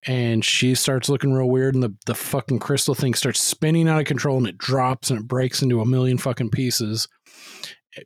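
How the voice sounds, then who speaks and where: A man co-hosting a movie-review podcast, recapping the plot in a rambling, profane stream and slipping into quoted voices. His pitch is average for a man. The recording is very dry and close. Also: steady tone, normal speed, dry recording. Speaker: podcast co-host. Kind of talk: casual movie-review chat.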